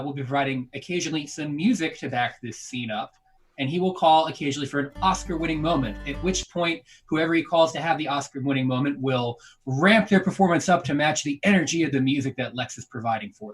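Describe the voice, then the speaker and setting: A man's voice: a little high, recorded from a distance, rough recording. A man hosting an online improv show on a video call, casually explaining the next game. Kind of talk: hosting a live improv stream.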